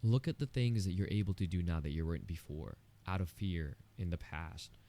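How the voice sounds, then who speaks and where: A man's voice: sits low, a little fast, dark tone. A man hosting a solo podcast, talking earnestly and candidly in a personal, encouraging monologue with casual "you know" asides. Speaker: podcast host.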